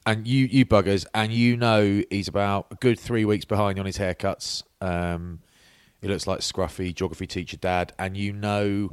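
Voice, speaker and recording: British guy on a podcast, low voice, teasing his mate, lots of ums and likes, dry sound. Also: steady tone, normal speed, few pauses, smooth, no echo. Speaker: podcast co-host. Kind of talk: casual banter podcast.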